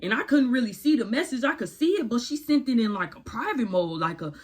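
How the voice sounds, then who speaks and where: A woman voicing her boyfriend, a grown man, in a deliberately dumb, whining voice that repeats itself agitatedly. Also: fairly high pitch, animated, slightly rough. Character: whiny, defensive boyfriend, an adult man.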